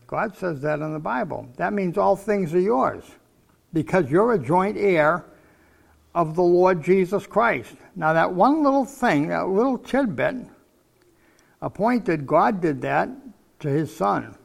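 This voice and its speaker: A man's voice: sits high, animated, measured pace, creaky. An older man preaching a sermon, teaching from the Bible in a folksy, conversational way.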